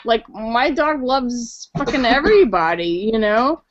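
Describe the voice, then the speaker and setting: A woman's voice: on the high side, expressive, normal speed, few pauses, no echo. Chatty tipsy woman on dull call audio. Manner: chatty, swearing, lots of filler 'like'. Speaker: guest on a call-in chat show. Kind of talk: casual storytelling.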